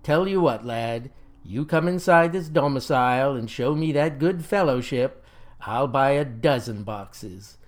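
A man voicing a big, burly man who talks slow, low and smooth. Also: animated, close to an everyday voice. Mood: sly.

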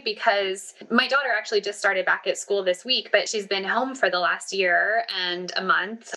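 A woman who runs a small business, answering interview questions in a brisk, earnest way. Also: medium pitch, gravelly, pushed and bright, rough recording. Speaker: guest, small business owner. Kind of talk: interview talk.

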